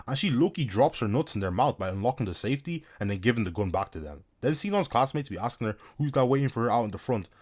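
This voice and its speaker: A man's voice: mid-range voice, lively intonation, fast, few pauses, darkish tone. A young man giving a comedic anime recap, talking in heavy slang with hyped-up jokes and asides.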